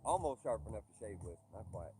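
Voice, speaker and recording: A man's voice: fairly low pitch, big pitch swings, quick pace, music in the background. A man hosting a casual livestream from his homestead, joking with his chat in a laid-back way. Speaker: livestream host. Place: outdoors on a homestead.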